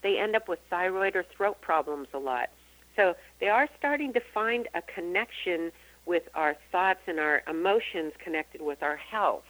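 A woman's voice: on the low side, animated, moderate pace, a bit bright, low-quality recording. A woman guest on a radio interview, talking earnestly about beliefs and acting out what people say. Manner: earnest, acts out quoted voices. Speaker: guest psychic and author.

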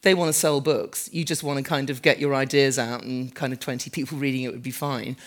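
A woman's voice: very deep voice, steady tone, a little fast. A woman architect and author giving a live, conversational lecture in a large converted warehouse, chatty and self-deprecating with frequent "um"s and asides. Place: large former fruit warehouse event space.

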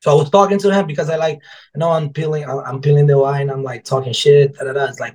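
A man with a fairly high voice tells a story in casual chat. He is animated, swears freely and acts out his own quotes. His has a turn. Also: fast, rough recording. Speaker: guest author and former server.

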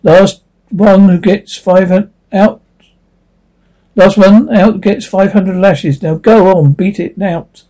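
A man's voice: sits high, steady tone, slow, dark tone, poor audio. A man voicing a harsh, bullying army sergeant who barks orders. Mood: barking. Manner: barking orders.

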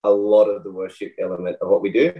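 A man's voice: lowish voice, level tone, fast, mellow, dull audio. A man with an Australian accent, a senior pastor, chatting in a friendly, joking way on a video call. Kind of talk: casual chat on a video call.

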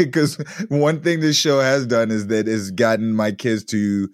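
A man in his thirties co-hosting a casual podcast chat, animated and rambling, laughing often. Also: medium pitch, slow, no room sound, clean studio sound. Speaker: podcast co-host.

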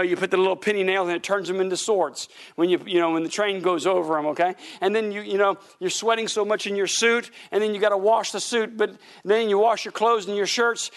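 A middle-aged man, a pastor, telling animated stories from the pulpit during a sermon, breaking into laughter and shouts at the punchlines. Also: sits high. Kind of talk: sermon storytelling. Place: church sanctuary.

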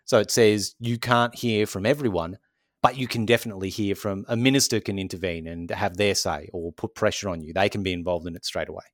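Deep-voiced man explaining policy. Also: fairly quick, no echo, studio quality. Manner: explains step by step, with frequent "so essentially" and "um" fillers. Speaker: podcast co-host. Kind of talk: casual explanatory chat.

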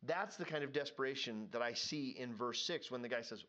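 A man's voice: mid-range voice, brisk, sharp tone, dull audio. A man co-hosting a casual scripture discussion, reading verses aloud and adding his own short remarks. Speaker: podcast co-host.

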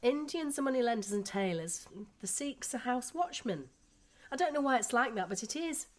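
A woman's voice: fairly high pitch, animated, moderate pace, lightly acted. An actress in her thirties with a Yorkshire accent, playing a frank, gossipy expat housewife and mother in a radio drama. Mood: chatty. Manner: blunt, gossipy, down-to-earth.

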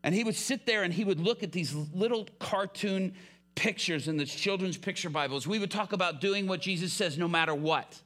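A man's voice: sits high, normal speed, fairly bright tone. A man preaching a sermon who tells a story with drama and acts out the dialogue himself.

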